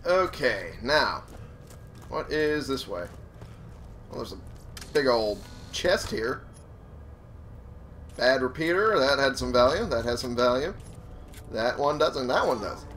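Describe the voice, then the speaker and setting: A man's voice: mid-range voice, animated, takes it slowly, pauses often, fairly bright tone, slight background noise. A man giving casual let's play commentary, swearing and chuckling to himself. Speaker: gamer.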